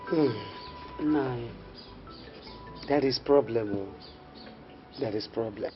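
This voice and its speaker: A woman's voice: a bass voice, drawn-out words, full character voice. An actress with a Nigerian accent playing a worried middle-aged mother who soothes her daughter and scolds her husband. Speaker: mother and wife. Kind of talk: Nollywood film drama. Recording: dull film audio with music behind.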